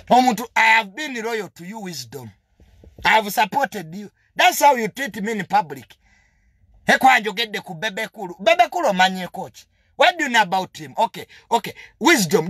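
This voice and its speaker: A man's voice: high voice, fairly bright tone, no room sound, clean studio sound. A young man with a Ugandan accent delivering a heated, confrontational monologue full of emphatic repetitions. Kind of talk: heated monologue mixing English and Luganda.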